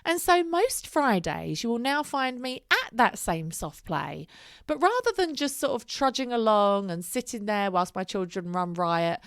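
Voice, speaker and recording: A woman's voice: a little high, big pitch swings, unhurried, dry recording, clean studio sound. Chatty woman, candid and casual. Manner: chatty and candid, swears casually, many "like" fillers. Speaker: single mother vlogger. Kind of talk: casual vlog monologue.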